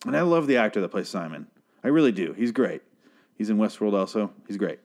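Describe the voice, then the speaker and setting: Man with a lowish voice for a casual show recap: rambling, swears a lot, breaks off mid-sentence, laughs often. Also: sing-song, fairly quick, a little mellow. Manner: profane, self-interrupting, laughs often.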